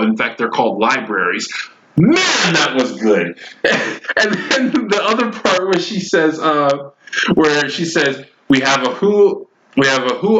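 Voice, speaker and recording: Bright punchy guy rambling thru a show review, kinda muffled lo-fi audio. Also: mid-range voice. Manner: enthusiastic, rambling with restarts. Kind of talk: casual review monologue.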